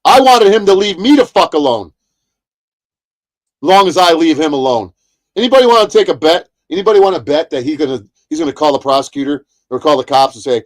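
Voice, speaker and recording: A man's voice: on the high side, animated, fairly quick. A man ranting heatedly on a livestream, profane and repetitive. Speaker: streamer. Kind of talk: angry livestream rant.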